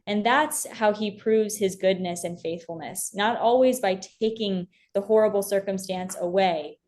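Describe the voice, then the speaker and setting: A woman's voice: medium pitch, moderate pace, darkish tone. A young woman as an interview guest, talking earnestly and from the heart about her faith, with many fillers and restarts. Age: young adult.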